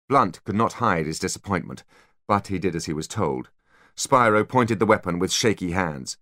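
Deep-voiced man narrating expressively. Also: normal speed, no echo, clean studio sound. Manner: expressive, dramatic. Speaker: audiobook narrator. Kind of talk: scripted narration.

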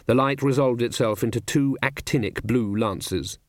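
A man narrating an audiobook in a measured, even reading with dry humour. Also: mid-range voice, no echo.

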